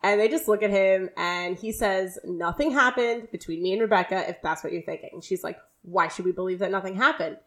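A young woman co-hosting a podcast, retelling a sitcom episode scene by scene in a casual, animated way. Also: medium pitch. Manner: animated retelling, quick quoted dialogue. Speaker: podcast co-host. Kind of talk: casual recap chat.

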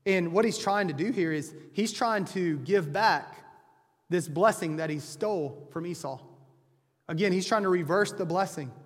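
A man preaching a sermon as a pastor, earnestly explaining scripture. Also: high-pitched. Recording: long hall reverb.

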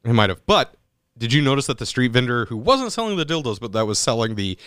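A man chatting casually about a movie, animated and profane, often restarting his sentences. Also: mid-range voice, fast, clean tone, no room sound, clean studio sound.

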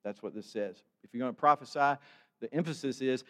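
A man's voice: mid-range voice, a little fast. Man preaching in a reverberant church. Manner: conversational, animated preaching with asides to the congregation. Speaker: pastor. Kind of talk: sermon. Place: church sanctuary.

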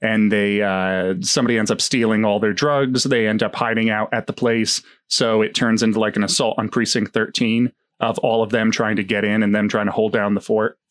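A man's voice: on the low side, steady tone, moderate pace, few pauses, fairly bright tone. A man hosting a casual movie chat, rambling along with many fillers and restarts. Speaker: podcast host.

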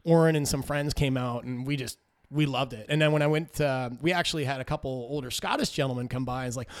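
A man talking casually as a brewer guest, rambling and animated as he tells stories. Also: mid-range voice. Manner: rambling and animated, quick laughs. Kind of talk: casual interview chat.

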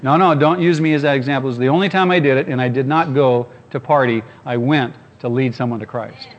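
A man's voice: mid-range voice, fast, dull audio. A man preaching to a congregation, telling a personal story with humor and speaking straight to his listeners. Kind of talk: storytelling sermon.

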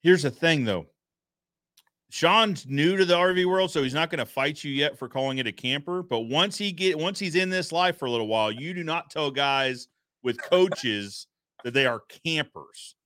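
A man's voice: a little high, moderate pace, fairly bright tone, no echo. A man hosting a podcast in casual live-stream chat, upbeat, greeting viewers and reading their comments aloud. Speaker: podcast host.

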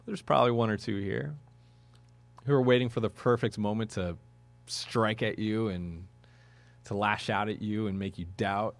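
A man's voice: on the low side, fairly even intonation, normal speed, creaky. Earnest, conversational male pastor preaching. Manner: conversational and earnest, with sudden emphatic rises. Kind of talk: sermon. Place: church.

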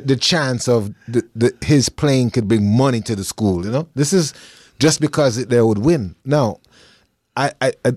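A man hosting a podcast, asking his guest questions in a measured, reflective way. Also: medium pitch, a little mellow, dry recording, studio quality. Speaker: podcast host. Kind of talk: interview questions. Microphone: remote call.

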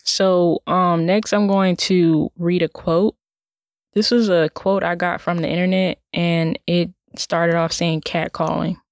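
A woman's voice: on the low side, level tone, takes it slowly, dry recording, studio quality. A woman in a casual personal monologue, talking indignantly in a rambling way with lots of "like" fillers and restarts. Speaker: vlogger.

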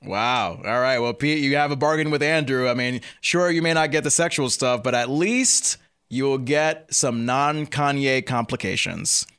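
A man's voice: medium pitch, normal speed, a bit bright, smooth. A man hosting a casual celebrity gossip chat, teasing his co-host in a playful, hesitant way. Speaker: podcast host.

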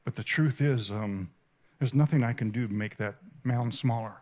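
A man giving a sermon at a conference, telling an emotional story with halting, repeated starts. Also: mid-range voice, darkish tone. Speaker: conference speaker. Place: conference stage.

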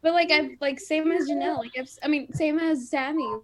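A woman's voice: high-pitched, fairly even intonation, brisk, crowd noise. A teenage girl in a casual chat, hesitant and filling her speech with "like". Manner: hesitant, full of "like". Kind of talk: casual chat among friends.

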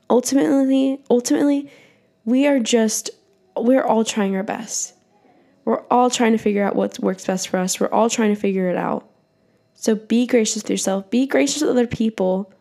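A woman's voice: fairly high pitch, darkish tone. A young adult woman hosting a solo podcast, talking in a casual, encouraging way with lots of "like" and some mild swearing. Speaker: podcast host.

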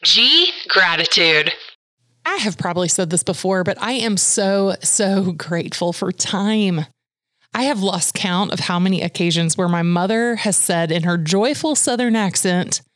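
A woman hosting a podcast, reading a reflective monologue in a gentle, unhurried, thoughtful way. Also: lowish voice, no room sound, clean studio sound. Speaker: podcast host.

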